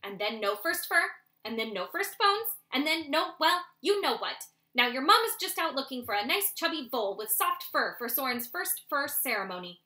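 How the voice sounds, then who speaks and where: A woman's voice: high voice, big pitch swings, normal speed, few pauses, pushed and bright, exaggerated voice. A woman voicing a fussy, scolding old blind female snake who tends the nest.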